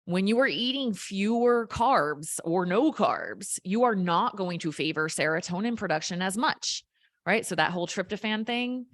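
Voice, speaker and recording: A woman health coach explaining things simply in an energetic, casual chat, as a guest. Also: mid-range voice, moderate pace, no echo, clean studio sound.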